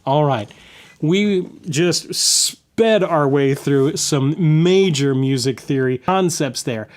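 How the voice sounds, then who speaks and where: A man's voice: a little high, slow. A man teaching a guitar lesson in a casual way, explaining chord substitutions and humming the changes as he plays. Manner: casual, hums and scats the chords while playing. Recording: guitar playing loudly underneath. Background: acoustic guitar.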